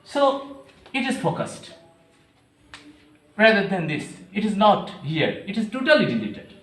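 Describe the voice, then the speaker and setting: A man's voice: high voice, sing-song, measured pace, a bit bright, roomy sound. A male English teacher giving a classroom grammar lesson, explaining step by step and repeating key phrases. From Bangladesh.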